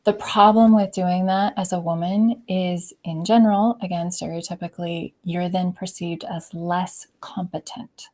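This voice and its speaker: Expressive woman coach with a lowish voice. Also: measured pace, few pauses. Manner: expressive, often drops to a soft near-whisper. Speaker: leadership coach, interview guest. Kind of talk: conversational interview. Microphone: video call.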